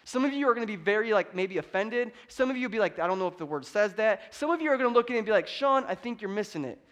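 A man in his thirties preaching a conversational sermon with humor, building to loud, emphatic peaks. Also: high-pitched, expressive, quick pace. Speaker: pastor.

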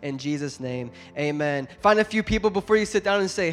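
A young pastor preaching a sermon to his congregation, a little stuffed up from a cold, building to emphatic, loud exhortation between warmer, quieter asides. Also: sits high, brisk, hardly any pauses, soft background music. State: congested from a cold. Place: church service with a congregation.

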